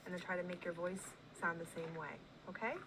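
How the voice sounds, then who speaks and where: A woman's voice: lowish voice, little pitch movement, a little fast, noisy background. A woman teacher in a one-on-one reading conference with a child, patient and encouraging, prompting with questions.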